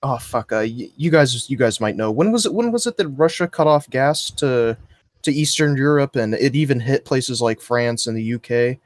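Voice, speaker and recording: A man's voice: medium pitch, lively intonation, normal speed, dry recording, clean studio sound. A man on a casual political talk stream, rambling crudely and swearing often.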